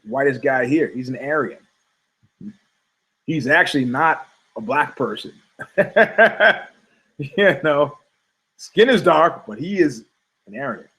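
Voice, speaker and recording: A middle-aged man, a podcast co-host, talking casually and with strong opinions, telling animated stories and acting out the people he quotes. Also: on the high side, slow pace, long pauses, poor audio. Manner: animated storytelling, acts out quoted voices, frequent laughs.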